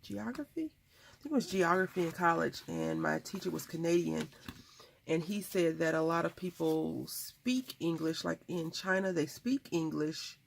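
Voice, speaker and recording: A woman's voice: low voice, moderate pace, gravelly, a little hiss or hum. A woman hosting a craft video, chatting casually and rambling through stories as she works. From United States. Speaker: craft channel host. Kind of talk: casual chat while crafting.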